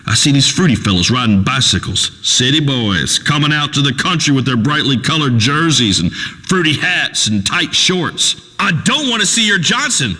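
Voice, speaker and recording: A man's voice: a little high, pushed and bright, big-room sound, exaggerated voice. An actor playing a crude, preachy rural male talk radio host who rambles and pontificates in a folksy way. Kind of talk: radio call-in show acting.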